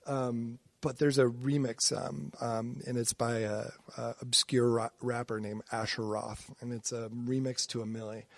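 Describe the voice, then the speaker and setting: A man's voice: mid-range voice, level tone, a little slow, vocal fry, few pauses, dry recording. A man from Nebraska, a podcast guest, talking reflectively in a casual interview with many ums and restarts.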